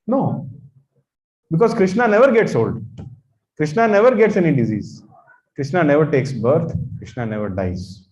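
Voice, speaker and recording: A man's voice: a little high, big pitch swings, moderate pace, pauses often, a little mellow. Emphatic Indian man lecturing in echoey hall. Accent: Indian English. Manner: emphatic, repeats phrases, chants in sanskrit. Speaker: course teacher. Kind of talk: religious lecture. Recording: echoey, dull lecture recording.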